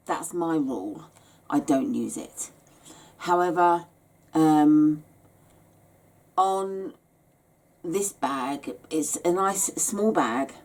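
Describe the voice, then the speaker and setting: Woman, tired, low and unhurried; rambling craft-tutorial host. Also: a little mellow. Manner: chatty and rambling, many hesitations. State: tired, yawning. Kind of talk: casual step-by-step craft tutorial.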